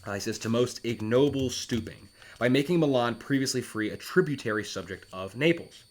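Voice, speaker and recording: A man's voice: medium pitch, a little fast. A man, a former English teacher, reading Shakespeare's lines with dramatic emphasis and then explaining them in plain words.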